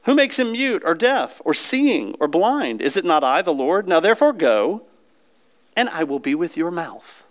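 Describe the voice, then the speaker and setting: A man's voice: fairly high pitch, big pitch swings, normal speed. A man preaching a sermon in a conversational way, often asking the congregation questions.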